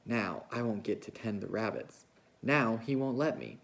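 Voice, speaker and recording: A man reading a novel aloud, voicing a big, slow-witted, childlike ranch hand who talks in a plaintive, pleading way. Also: medium pitch, a little mellow, natural voice. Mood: upset.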